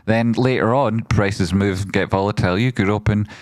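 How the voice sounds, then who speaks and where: A man hosting a trading livestream, excitably giving quick, jokey shout-outs to members and talking through trades. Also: fairly low pitch, dry recording, studio quality. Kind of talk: lively livestream chat, reading out members and donations.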